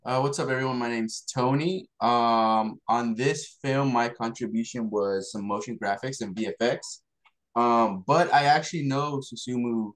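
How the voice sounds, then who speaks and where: A man's voice: mid-range voice, normal speed. A man, the film's motion graphics artist, talking in a laid-back, enthusiastic way on a video call. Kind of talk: casual video call chat.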